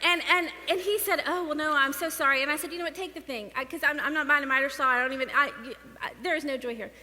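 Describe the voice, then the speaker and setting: Animated high-voiced woman storyteller. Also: fast talker. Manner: animated, laughing storyteller acting out dialogue. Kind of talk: storytelling testimony in church. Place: church. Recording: reverberant hall with faint noise.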